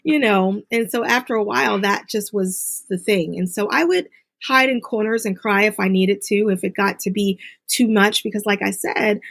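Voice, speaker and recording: A middle-aged woman as an interview guest, earnestly telling a personal story and mimicking others in high voices. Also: moderate pace, creaky, a bit bright. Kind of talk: interview conversation.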